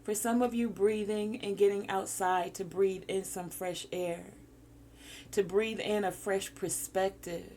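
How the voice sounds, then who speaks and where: A woman's voice: mid-range voice, steady tone, measured pace, warm tone, slight background noise. A woman giving a spiritual encouragement talk, coaching listeners through breathing exercises. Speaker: spiritual guide.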